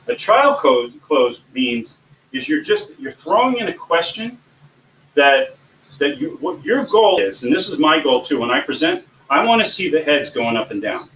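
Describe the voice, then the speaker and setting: A man coaching people on giving presentations in an informal teaching talk, animated and often swinging his voice up and down. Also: on the high side, moderate pace. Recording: echoey room, distant mic, faint background hum.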